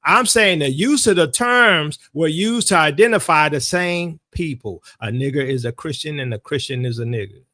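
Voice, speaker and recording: A man's voice: on the high side, expressive, normal speed, hardly any pauses, sharp tone, no echo, clean studio sound. A man teaching in a sermon style, emphatic and insistent, repeating his key phrases for weight. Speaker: Bible teacher.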